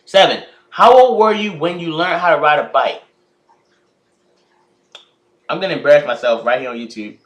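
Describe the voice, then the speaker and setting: A teenage man from the United States, reading out questions and answering them in a casual vlog, pausing often to think. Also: a little high, fairly bright tone. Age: teens. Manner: reads each question aloud, then answers with frequent hesitations. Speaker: YouTuber.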